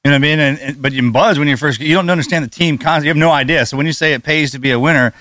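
A man co-hosting a podcast, talking in a relaxed, conversational way. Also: on the high side, rapid-fire, no room sound, studio quality. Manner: relaxed, conversational, frequent "right?". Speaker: podcast co-host. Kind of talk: casual chat.

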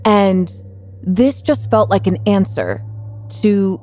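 A woman's voice: medium pitch, slow. Woman narrating a documentary, conversational. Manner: calm, conversational storytelling. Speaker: podcast co-host.

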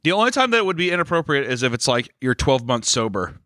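Bright-voiced man, crude podcast banter. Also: medium pitch, very animated, fast talker, no echo, studio quality. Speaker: podcast co-host. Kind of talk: casual comedic chat.

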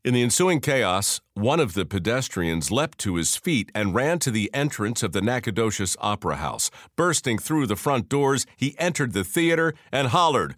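A man's voice: mid-range voice, big pitch swings, moderate pace, few pauses, fairly bright tone, no echo, clean studio sound. A man narrating a scripted story in a folksy, wry storytelling manner.

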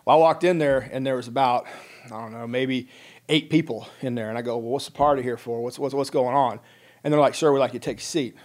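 A man's voice: medium pitch, fairly even intonation, quick pace, a little mellow. Wry, plain-spoken middle-aged man. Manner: wry, jokey, plain-spoken, acts out dialogue. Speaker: military veteran guest. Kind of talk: casual podcast storytelling.

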